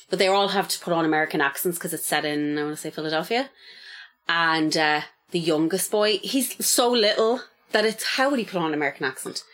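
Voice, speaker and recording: A woman's voice: sits low, a bit bright. A young adult woman, co-hosting a casual podcast chat, telling stories animatedly and swearing freely. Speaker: podcast co-host.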